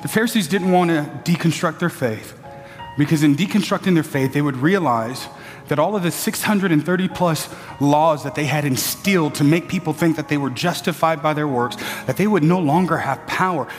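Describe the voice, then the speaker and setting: A man preaching a sermon, building to shouted peaks and throwing in playful asides to the congregation. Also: fairly high pitch, moderate pace, big-room sound, soft background music.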